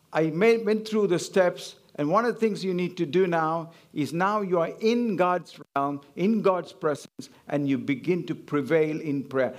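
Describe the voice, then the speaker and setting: A man's voice: fairly high pitch, darkish tone. A man preaching a sermon, emphatic and repetitive, drawing call-and-response from the congregation.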